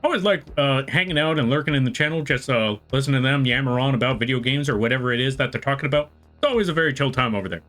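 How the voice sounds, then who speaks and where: A man live-streaming, giving playful, excitable play-by-play commentary and chatting with viewers in rambling asides. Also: mid-range voice, very fast, few pauses, soft background music. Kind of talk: casual live-stream chat and race commentary.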